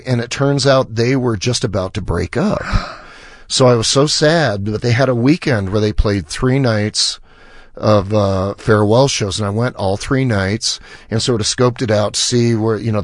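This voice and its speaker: A man's voice: mid-range voice, normal speed, dry recording. Guy on a radio show telling an old story, doing everyone's lines, dead dry studio sound. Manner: animated storyteller who acts out quoted dialogue. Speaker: musician guest.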